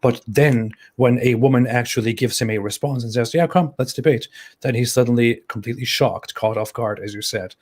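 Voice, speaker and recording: A man hosting a casual live-stream discussion, speaking haltingly with many fillers and restarts. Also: medium pitch, steady tone, a little mellow.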